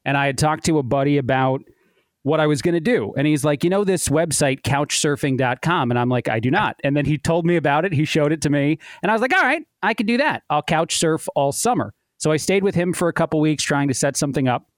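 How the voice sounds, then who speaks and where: A man's voice: a little high, fast, no echo, clean studio sound. A man in his thirties, a podcast guest, telling a long personal story in a chatty way and laughing at his own tale. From United States. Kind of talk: casual storytelling.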